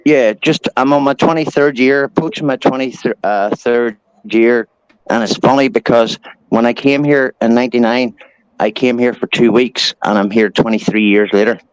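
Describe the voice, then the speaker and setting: A man's voice: mid-range voice, steady tone, normal speed, clean tone, no room sound, rough recording. A man in his forties from Ireland with an Irish accent, chatting casually as a guest, rambling through stories and swearing now and then. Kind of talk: casual chat.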